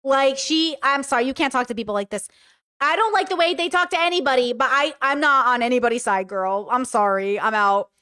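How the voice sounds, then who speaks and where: A woman's voice: high-pitched, brisk, pushed and bright, clear, resonant tone, no room sound, clean studio sound. A woman giving casual reaction commentary, reading messages aloud and passing blunt, slangy judgments.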